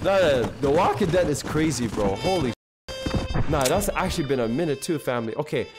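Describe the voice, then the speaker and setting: A man live-streaming a video game, reacting loudly and chatting with his viewers in slangy, excitable bursts. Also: on the high side, moderate pace, music in the background. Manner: excitable, loud outbursts, slangy, talks to chat. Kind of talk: casual live-stream commentary.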